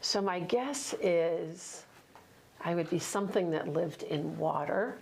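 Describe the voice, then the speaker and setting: Middle-aged woman, cheerful, laughs often, slow unhurried speech, casual interview. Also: lowish voice, vocal fry, slight background noise. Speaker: university president.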